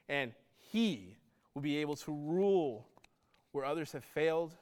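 A man delivers a sermon in a fairly high voice. He talks in a casual, earnest way and pushes harder on his key points. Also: a bit bright. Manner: earnest, conversational preaching with rising emphasis. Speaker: pastor.

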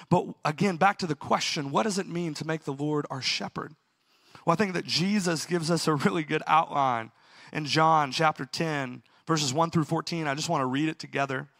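A pastor giving a sermon, telling a story earnestly and sometimes laughing at himself. His voice sits a little high for a man and has a gravelly edge. The sound is dry and close. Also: a bit bright, no room sound.

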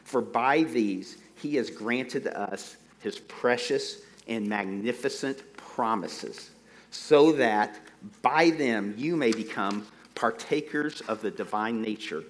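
A middle-aged man preaching a sermon into a microphone, slowing down to stress key phrases and dropping in folksy, self-deprecating asides. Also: medium pitch, a little hiss or hum. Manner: slow, deliberate emphasis on key phrases.

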